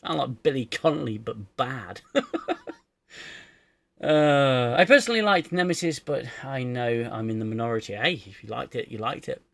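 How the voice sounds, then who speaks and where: A man's voice: medium pitch, expressive, moderate pace, creaky, a bit bright, no echo. A man hosting a casual livestream chat, hesitant and self-deprecating, often restarting his sentences. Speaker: livestream host.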